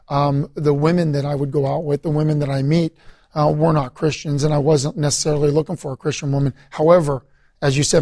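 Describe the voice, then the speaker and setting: A man's voice: fairly high pitch, dark tone, no echo. A middle-aged man, a guest in an interview, telling his story in a rambling way with many fillers and restarts. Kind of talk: conversational testimony interview.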